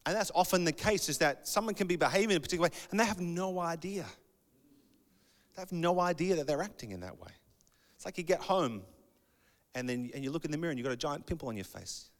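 A man preaching a sermon in a conversational, animated way, acting out bits of dialogue. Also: fairly high pitch, fast. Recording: long hall reverb.

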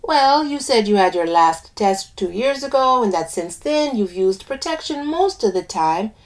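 A woman performs an audio drama reading, voicing a shrewd older female nurse with a lilting West Indian accent. Pitched above her own voice and lightly acted, the character is lively in intonation, moderately paced, and brisk as she asks clipped clinical questions.

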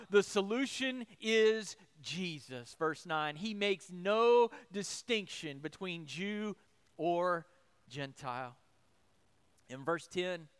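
Male pastor, middle-aged, high clear voice, preaching with rhetorical questions. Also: fairly bright tone. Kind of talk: sermon.

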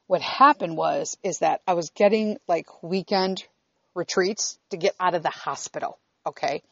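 A woman's voice: fairly low pitch, normal speed, gravelly, no echo. A middle-aged woman telling a personal story in a blunt, profane, candid way, often checking in with her listeners. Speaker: vlogger. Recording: dull, slightly lo-fi recording.

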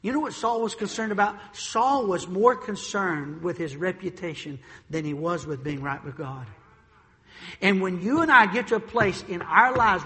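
In a church sanctuary, a male pastor preaches an animated sermon, repeating words as he builds a point. His voice sits high, and the sound trails off in a long reverb tail.

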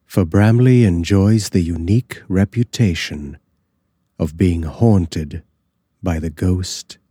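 Deep husky guy reading an old horror story, slow and dark, dry sound. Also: no room sound. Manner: slow, measured and dramatic. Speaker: narrator.

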